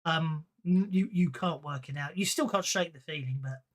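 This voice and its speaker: A man's voice: fairly high pitch, normal speed. A man running a tabletop horror game as game master, rambling and self-deprecating, laughing often.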